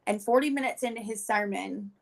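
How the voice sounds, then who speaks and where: A woman, a guest on a talk show, telling her faith testimony in an animated, chatty way with many filler words and frequent laughs. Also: mid-range voice, brisk, vocal fry, rough recording. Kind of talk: animated storytelling.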